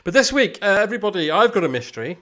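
Male podcast host, slightly high and very animated, playful storyteller. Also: very fast. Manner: jokey, laughs often, stumbles over words. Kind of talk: casual history chat.

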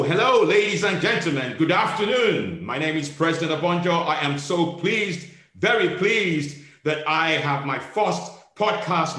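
Male comedian voicing a self-crowned president host, pompous, halting, slightly high voice, echoey room. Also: fairly bright tone. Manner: grand, slow, halting speech with stumbles. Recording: roomy echo.

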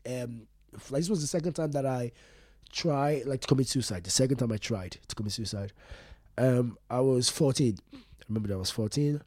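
A young man telling a personal story as an interview guest, rambling and halting with many fillers and restarts. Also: mid-range voice, a little mellow, no echo, studio quality. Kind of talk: casual interview talk.

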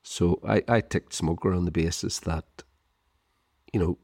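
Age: middle-aged. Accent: Irish. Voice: lowish man, rambling storyteller. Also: steady tone, a little slow, a little mellow, dry recording, clean studio sound. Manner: rambling, lots of "you know", chuckling. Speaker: podcast co-host. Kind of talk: casual storytelling chat.

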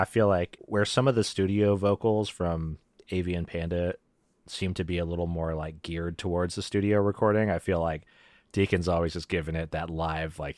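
A man's voice: sits low, no echo. A man co-hosting a podcast, talking enthusiastically and joking in a casual music discussion. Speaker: podcast co-host.

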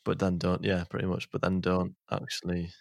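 A deep-voiced man co-hosts a casual podcast, rambling and joking as he goes. His voice sits very low, recorded dry and close on the mic. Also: monotone, a little fast, gravelly, dry recording. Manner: jokey, rambling, laughs often. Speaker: podcast co-host. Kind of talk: casual chat.

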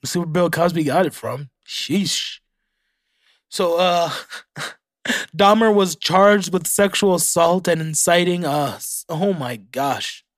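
A man's voice: a little high, takes it slowly, dry recording, clean studio sound. A young man hosting a casual solo podcast, reading facts aloud and reacting with profanity. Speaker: podcast host.

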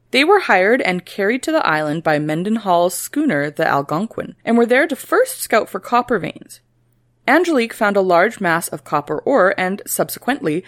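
Podcast co-host, woman, lower voice that swings a lot, dry close sound, tells history casually. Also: dry recording. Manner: reads old quotes aloud in a lively, joking way.

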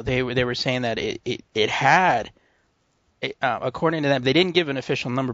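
A man's voice: medium pitch, fairly bright tone, dry recording, muffled recording. A man with a West Coast American accent co-hosting a casual tech news podcast, rambling with restarts and laughing often. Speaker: podcast co-host.

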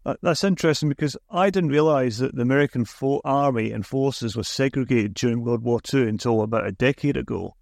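Male podcast host, mid pitch, chatty with restarts, dry close sound. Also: a little fast, vocal fry, few pauses, darkish tone, no room sound. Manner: chatty, self-correcting restarts. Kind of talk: podcast interview.

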